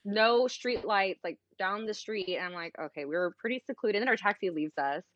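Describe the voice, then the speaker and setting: A young woman from the States chats as a podcast guest and tells a story with lively energy. She acts out each quoted line and fills her speech with "like." Her voice sits at an ordinary middle pitch, and the sound is dry but a little dull. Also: normal speed, no room sound. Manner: animated, acts out quoted dialogue, heavy use of "like". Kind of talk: casual chat, storytelling.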